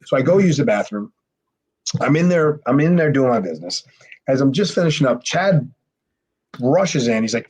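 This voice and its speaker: A man, a former pro wrestler guesting on a podcast, telling a rambling, profane story and mimicking others in a high voice. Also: normal speed, pauses often, husky. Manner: animated, mimics others with sharply raised pitch. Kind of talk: casual storytelling.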